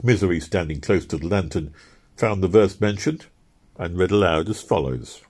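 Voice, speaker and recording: Husky-voiced male audiobook narrator. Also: low voice, moderate pace, darkish tone.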